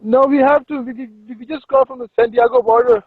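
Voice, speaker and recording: A whimpering, tearful immigrant with a put-on Pakistani accent. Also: male voice, very high-pitched, very animated, creaky, no room sound, phone-quality sound, heavily acted. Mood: whiny. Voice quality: fake crying voice, shaky. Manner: whimpering, pleading, halting. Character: whiny tearful immigrant man, pleading and nervous. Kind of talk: voice chat prank role-play. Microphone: phone in a voice chat.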